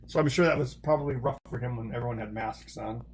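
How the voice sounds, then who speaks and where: A man hosts a livestream, chatting casually into a desk mic, rambling with frequent restarts and chuckles. His voice is mid-range and quick, with slight background noise.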